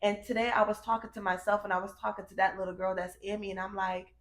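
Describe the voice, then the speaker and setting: A young woman talks candidly on a casual podcast, her voice sitting at a middling pitch. She is emphatic and circles back on her own phrases, calling her co-host "girl" and "baby". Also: flat delivery, fast talker, echoey room. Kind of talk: casual chat.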